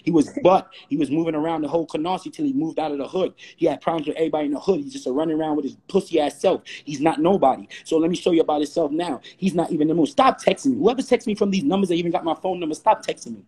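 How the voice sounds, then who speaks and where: A man from Brooklyn, ranting heatedly on a live stream. His voice is husky and sits high for a man, and he talks fast, repeating rhetorical questions again and again. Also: dark tone. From Brooklyn, New York. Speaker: host. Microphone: phone or webcam on a live stream.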